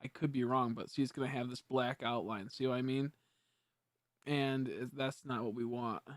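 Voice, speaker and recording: Young male streamer, mid-pitch, dry close sound, rambling casual talk with frequent restarts. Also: fairly even intonation, normal speed, no room sound. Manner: rambling, self-correcting, easily frustrated. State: hiccups. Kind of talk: casual live-stream chat.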